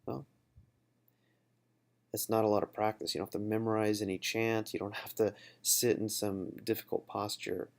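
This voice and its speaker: Gravelly low-voiced man reflecting aloud. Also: little pitch movement, moderate pace. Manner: reflective, conversational, with fillers and restarts. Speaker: book study host. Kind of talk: casual personal storytelling and book discussion.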